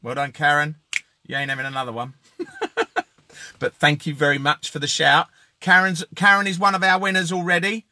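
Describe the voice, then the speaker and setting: A man's voice: on the high side, level tone, normal speed, pauses often, no echo, clean studio sound. A man hosting a casual live-stream giveaway, joking and calling out viewers by name. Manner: jokey, chatty, shouting out viewers by name.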